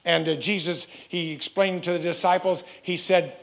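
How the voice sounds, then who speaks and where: A man preaching a sermon in an earnest way, repeating phrases and slowing down to stress key words. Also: high-pitched, steady tone, gravelly, fairly bright tone.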